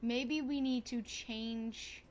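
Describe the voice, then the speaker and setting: A young woman streaming a life-sim game, chatting casually to viewers in a bubbly, excitable way, gasping and repeating herself. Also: fairly high pitch, very slow, a little hiss or hum. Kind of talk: casual gaming stream chat.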